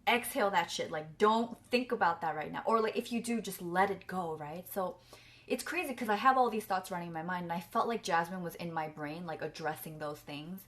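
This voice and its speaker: A young woman vlogger chats casually to the camera, earnest and effusive, peppering her talk with "like" and "you know." Her voice is fairly low in pitch and a bit bright, and she speaks fairly quickly.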